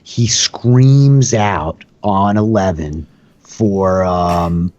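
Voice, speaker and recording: DM type, man, low-ish voice, loose filler-heavy narration, muffled lo-fi audio. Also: drawn-out words, darkish tone. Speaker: dungeon master and host. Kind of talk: narrating a tabletop game.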